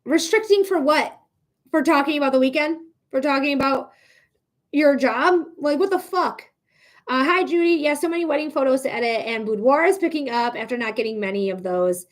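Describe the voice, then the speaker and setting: A woman's voice: sits high, fairly quick. A young woman hosting a live psychic reading stream, chatting casually with viewers and venting her frustration with plenty of swearing. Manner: frustrated, swearing, talking to chat.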